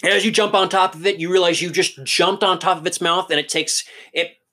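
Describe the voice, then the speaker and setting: Bright-voiced male game master. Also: high-pitched, steady tone, fairly quick. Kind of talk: narrating a tabletop game.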